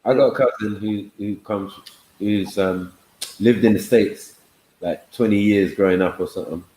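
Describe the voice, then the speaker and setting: A man speaks in a low, mellow voice. He chats in an easygoing way with lots of fillers, and his voice sounds roomy and echoey. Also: normal speed, slight background noise. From England. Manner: easygoing, filler-heavy, often asks "you get me". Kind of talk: casual chat on a live online panel.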